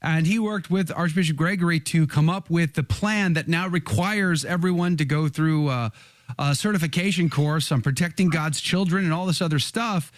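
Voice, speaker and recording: A man's voice: on the high side, moderate pace, no echo. A male host posing indignant, rhetorical questions to his guest in a pointed interview.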